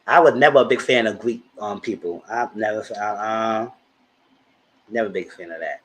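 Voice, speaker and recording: A man's voice: fairly low pitch, normal speed, fairly bright tone, slight background noise, low-quality recording. A man in his thirties giving chatty, slangy live commentary as host of his channel. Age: 30s.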